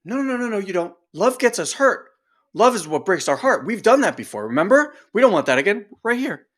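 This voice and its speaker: A man's voice: high-pitched, sing-song, a little fast, a bit bright, pitched above the performer's own voice, exaggerated voice. A man voicing the panicky, overprotective inner voice of the mind, scolding and incredulous.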